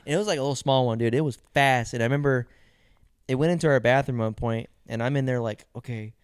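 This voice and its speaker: A young man co-hosting a podcast, telling stories in casual chat, animated and profane, laughing often. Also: mid-range voice, quick pace, smooth, dry recording. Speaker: podcast co-host.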